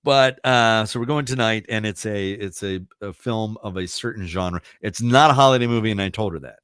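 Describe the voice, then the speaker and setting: A man's voice: on the low side, steady tone, normal speed, a bit bright, clean tone, dry recording, studio quality. A man in his fifties hosting a radio show, chatting casually and telling rambling stories with easy laughs. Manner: rambling storyteller, laughs easily, self-deprecating. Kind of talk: casual chat.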